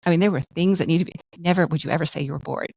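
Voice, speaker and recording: Lowish-voiced woman dentist chatting earnestly. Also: very fast, creaky, a little mellow, husky, dry recording. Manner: earnest, storytelling with quoted examples. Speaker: podcast co-host, dentist. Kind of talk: casual conversational chat.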